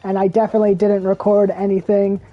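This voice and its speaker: A man voicing a sly male robot buddy in a low, murmured, conspiratorial tone. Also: completely flat delivery, fast, phone-quality sound, close to an everyday voice.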